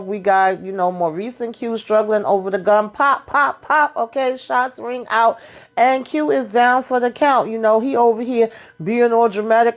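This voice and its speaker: A woman's voice: medium pitch, darkish tone. A woman giving a sassy, casual recap of a TV episode, talking to the characters and acting out their lines. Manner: sassy, talks to the characters, acts out the dialogue. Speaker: show recap host.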